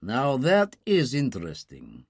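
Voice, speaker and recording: Measured, worldly spymaster, read by a male narrator, unhurried, lively pitch. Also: dry recording, studio quality, exaggerated voice. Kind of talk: audiobook character reading.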